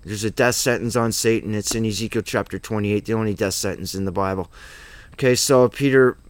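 A man's voice: mid-range voice, no echo. A man teaching a Bible study in an informal, rambling, emphatic way, full of asides and rhetorical questions.

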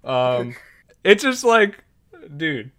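A man chatting on a podcast, retelling a film with excited energy and plenty of "like" and "uh." His voice is bright and smooth, and he jumps into the characters' lines as he goes. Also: fairly high pitch, very slow. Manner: animated, many fillers, acts out characters' lines. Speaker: podcast co-host. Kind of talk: casual chat recapping a film.

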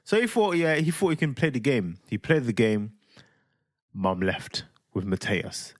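A man's voice: a little slow, no room sound, studio quality. A man, co-hosting a parenting podcast, telling a story in casual chat and acting out his child's voice. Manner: animated, acts out his son's voice in high shrieks. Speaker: podcast co-host.

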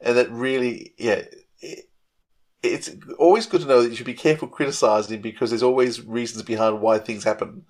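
A man's voice: mid-range voice, fairly even intonation, fairly quick, a little mellow. Male host, middle-register voice, earnest and appreciative. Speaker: podcast host. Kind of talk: casual interview talk.

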